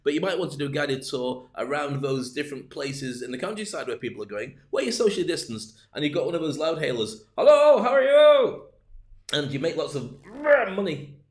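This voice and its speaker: A man's voice: fairly high pitch, expressive, fairly quick. A man hosting a live-streamed business talk, rambling with jokey, self-deprecating asides. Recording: roomy echo.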